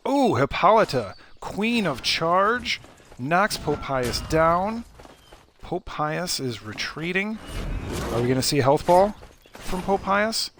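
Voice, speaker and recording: Man, Midwestern accent, live game commentator, joking, rambling, slightly high voice. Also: sing-song, slow, a bit bright, slight background noise. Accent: Midwestern American. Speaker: event commentator.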